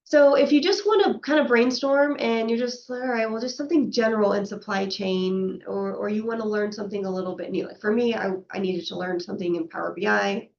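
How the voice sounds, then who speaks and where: Woman presenter with gravelly tone. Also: medium pitch, a little mellow, muffled recording. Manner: conversational, frequently adds "right?" and acts out quoted exchanges. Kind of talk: professional webinar presentation.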